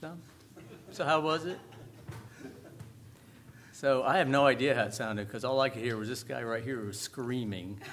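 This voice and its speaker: A man runs the announcements at a church service in a loose, joking manner. His voice sits at a middle pitch, and the room around him is noisy. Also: normal speed, pauses often. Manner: joking, relaxed. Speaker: worship leader. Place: church sanctuary.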